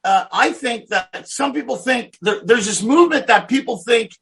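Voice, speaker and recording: A man hosting a podcast, chatting casually with a guest, telling loud stories full of quoted dialogue and swearing. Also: extremely high pitch, lively intonation, moderate pace, gravelly. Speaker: podcast host. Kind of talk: casual interview chat.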